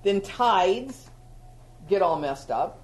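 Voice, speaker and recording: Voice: medium pitch, animated, very slow. A preacher giving a sermon in a conversational teaching style, with sudden emphatic outbursts.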